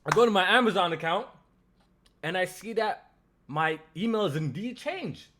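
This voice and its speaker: A man's voice: sits high, moderate pace. A man hosting a casual gaming podcast, telling stories with lots of swearing and slang. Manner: animated, swearing, storytelling. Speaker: podcast host.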